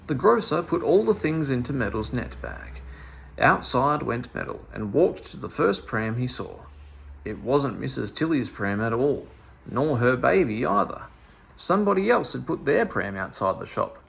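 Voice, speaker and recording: Gravelly, expressive male storyteller. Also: medium pitch. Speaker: storybook reader. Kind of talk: children's story read-aloud.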